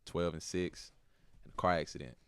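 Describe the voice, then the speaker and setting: A young man from Texas with a Texan accent and a strikingly deep, low voice. He tells a painful personal story softly and haltingly, with lots of "bro" and "like". The sound is dry and close. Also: clear, resonant tone, no echo. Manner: soft-spoken, halting, slangy with "bro" and "like". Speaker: podcast guest, basketball player.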